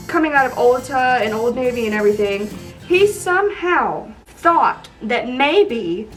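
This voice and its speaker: A young woman telling funny stories from her life in a chatty, animated way with lots of fillers. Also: on the high side, distant mic, rough recording. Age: young adult. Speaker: vlogger. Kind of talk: casual storytime.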